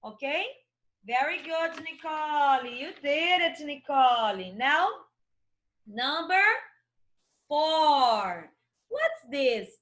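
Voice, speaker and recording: A woman's voice: high voice, expressive, extremely slow, pauses often, a bit bright. A young adult woman with a Brazilian Portuguese accent, teaching English to children in an online lesson and spelling words out letter by letter with encouragement.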